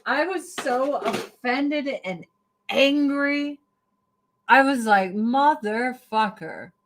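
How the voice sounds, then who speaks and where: A woman's voice: sits high, very slow, a bit bright. A woman from the United States ranting casually to her livestream viewers in a blunt, profane way, jumping from one topic to the next. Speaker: livestream host.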